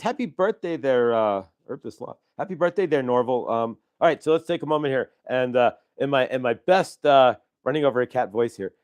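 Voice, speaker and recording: A man's voice: mid-range voice, normal speed, darkish tone, no echo. Chatty man with a dry close sound. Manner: rambling, filler-heavy, friendly asides to viewers. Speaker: host of a channeling and card-reading livestream. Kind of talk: casual livestream chat with oracle card reading.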